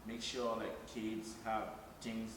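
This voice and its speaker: A man from Africa, a musician guest, chatting casually in an animated, slangy way and laughing often. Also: fairly low pitch, takes it slowly, long reverb tail, a little hiss or hum. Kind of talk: casual chat.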